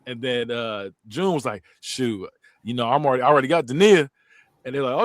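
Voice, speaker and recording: A man's voice: a little fast, fairly bright tone, no echo, clean studio sound. A man, hosting a podcast and casually recapping a movie, laughing often and acting out the lines. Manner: laughs often, acts out quotes with big pitch jumps. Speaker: podcast host. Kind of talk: casual movie review chat.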